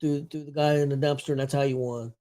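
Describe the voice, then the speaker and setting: A man's voice: medium pitch, fairly even intonation, fast talker, warm tone. A man hosting a casual sports talk show, rambling with fillers and self-corrections. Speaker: show host.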